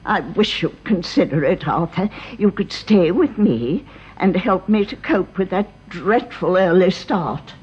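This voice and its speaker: A woman's voice: on the low side, expressive, unhurried, darkish tone, slightly rough, highs cut off, heavily acted. Lady Bourne, a genteel old grandmother. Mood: gushing. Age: older. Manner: refined upper-class, vague and gushing. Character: elderly aristocratic grandmother, genteel and fussy. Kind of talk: 1930s-set radio drama.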